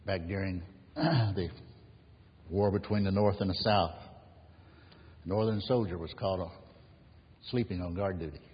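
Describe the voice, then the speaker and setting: A man preaching a sermon and telling stories, unhurried, letting his phrases drop to a hushed close. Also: deep voice, husky. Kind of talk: sermon with storytelling. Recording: echoey hall, dull lo-fi sound, faint hiss.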